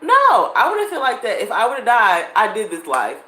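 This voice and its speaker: A woman vlogger in her thirties chats casually with her viewers in a mid-range voice at normal speed. She is animated and laughs often, and the echoey room carries a faint ambience.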